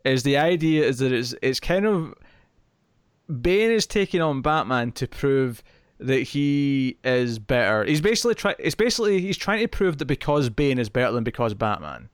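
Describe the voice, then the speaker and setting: A man talking casually on a podcast, his pitch swinging up and down as he gets into the point. The sound is dry and close, with no room around it. He laughs easily and trips over his own restarts. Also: normal speed, clear, resonant tone, no echo. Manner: animated, laughs often, hesitant restarts. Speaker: podcast co-host. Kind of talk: casual comic book chat.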